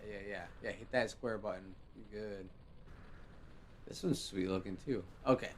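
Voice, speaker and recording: A man hosting a live game show stream, talking casually in a relaxed, rambling way with many fillers. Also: fairly low pitch, moderate pace, a little hiss or hum.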